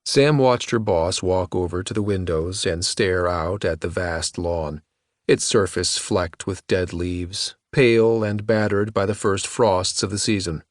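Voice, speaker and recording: A male narrator reads a novel aloud in a measured, even delivery. His voice sits low and the recording is close and dry. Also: dry recording. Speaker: audiobook narrator. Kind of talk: scripted narration.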